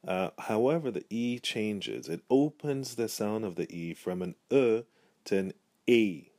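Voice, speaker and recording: Slow, careful male language teacher. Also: low voice, a little mellow, no echo, studio quality. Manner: slow, careful, repeats each word twice. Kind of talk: alphabet pronunciation lesson.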